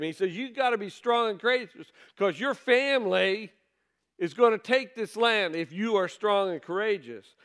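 A male pastor preaching in a clear, smooth voice that sits high for a man. He talks his congregation through scripture in an easy, conversational way. He often stops to ask them rhetorical questions. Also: a bit bright. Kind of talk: sermon.

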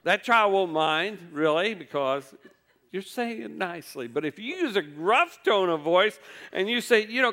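A man's voice: high voice, big pitch swings, normal speed, sharp tone. A man preaching a sermon, telling folksy stories with wry humor.

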